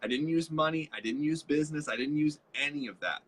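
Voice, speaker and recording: A man talks through a casual live-stream lesson, his voice bright and forceful with a slightly husky edge. He tells stories and often slips into the voices of the people he quotes, animated and a little high. It sounds like an everyday teaching talk. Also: fairly quick. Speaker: co-host, leadership trainer.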